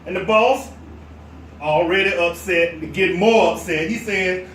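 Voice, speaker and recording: A man preaching a sermon as pastor, telling a story with animated delivery. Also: high-pitched, moderate pace. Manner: animated storyteller, drops to a hush for quoted whispers. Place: church sanctuary. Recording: echoey church from a distance, faint noise.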